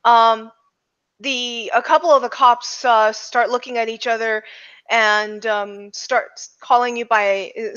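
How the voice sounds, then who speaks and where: A woman game master narrates a tabletop game in a relaxed way, with many pauses and fillers. Her voice sits fairly high. The recording sounds dull and lo-fi. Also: clear, resonant tone.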